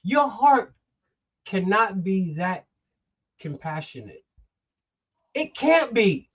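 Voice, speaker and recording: A man's voice: high voice, very animated, slow pace, breathy edge. Emphatic male host, lo-fi sound. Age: middle-aged. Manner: emphatic, heated, swears. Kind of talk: political talk show.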